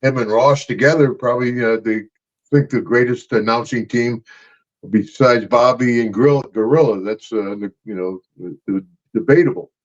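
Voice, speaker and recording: Boisterous older man, gruff and loud. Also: mid-range voice, moderate pace. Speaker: podcast co-host, retired wrestler. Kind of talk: casual chat. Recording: dull lo-fi podcast audio.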